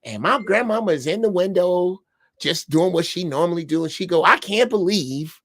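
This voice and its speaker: A man's voice: sits high, a little fast, no room sound. Older chicago guy on a podcast, blunt and swearing, telling stories, dry sound. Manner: storytelling, blunt, profane. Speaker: podcast panelist. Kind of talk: casual chat.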